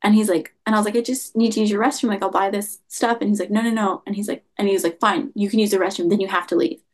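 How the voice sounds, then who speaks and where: A young woman talks casually as an interview guest, her voice sitting at an ordinary middle pitch. She rambles through her account and fills nearly every pause with "like.". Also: fairly even intonation. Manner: rambling, heavy use of "like" fillers. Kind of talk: casual storytelling.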